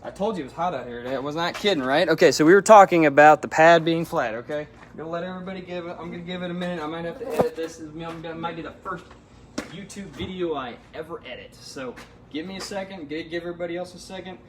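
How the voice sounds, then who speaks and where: A man's voice: a little high, fast talker, roomy sound, far from the mic, noisy background. A man who is an auto detailer, giving a live how-to demonstration outdoors in the hot sun. He is out of breath from the heat and keeps checking in with viewers as he coaches them through each step. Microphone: phone camera.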